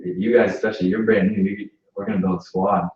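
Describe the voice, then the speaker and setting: A fairly low-voiced man talks to a group at an indoor business mixer, joking and fired up as he urges them to set goals. He is picked up from a distance, so the sound comes through dull and hollow with heavy room echo. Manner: energetic, joking, quick asides. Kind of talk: motivational talk to a group. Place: indoor event space.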